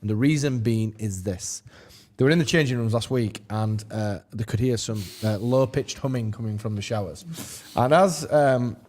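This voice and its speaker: A man's voice: medium pitch, moderate pace, few pauses, darkish tone. Jokey man hosting a podcast. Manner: jokey, laughs often, rambling. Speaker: podcast host. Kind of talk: casual football chat and ad read.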